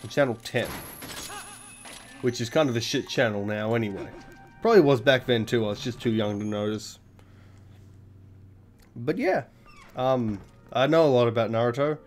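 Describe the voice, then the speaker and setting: A man's voice: mid-range voice, moderate pace, pauses often, soft background music. A young man giving rambling, self-deprecating, sweary commentary over a game he plays. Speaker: let's play commentator. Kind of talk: casual gameplay commentary.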